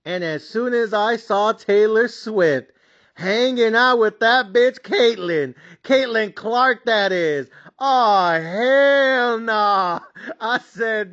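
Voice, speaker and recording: Brash betting-podcast host, high-voiced and foul-mouthed, muffled low-fi recording. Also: male voice, slow pace. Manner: loud, brash, swearing, repeats catchphrases. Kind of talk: profane hyped podcast rant. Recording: dull lo-fi audio.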